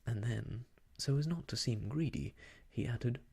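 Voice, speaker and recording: A storyteller reading an old children's book aloud in whispered role-play, slow and soft. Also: medium pitch, gravelly, slightly rough.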